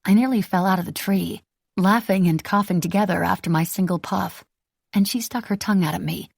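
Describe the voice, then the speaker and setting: Low, gravelly woman narrating a novel. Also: a little fast, darkish tone, no room sound, studio quality. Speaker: audiobook narrator. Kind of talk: first-person novel narration.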